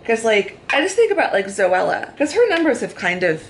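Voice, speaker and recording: A woman's voice: fairly high pitch, very animated, a little fast, slight background noise, poor audio. An American woman in her thirties chatting at length in a casual, rambling way while getting ready in a hotel room. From United States. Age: 30s. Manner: chatty, talks in long run-on thoughts. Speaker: vlogger. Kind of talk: casual chat.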